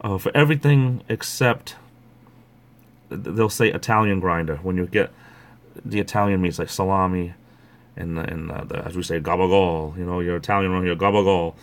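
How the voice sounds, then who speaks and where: Middle-aged man, deep voice, rambling livestream host chatter. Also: normal speed. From Rhode Island. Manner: rambling, chatty, greets viewers by name. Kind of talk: casual chat.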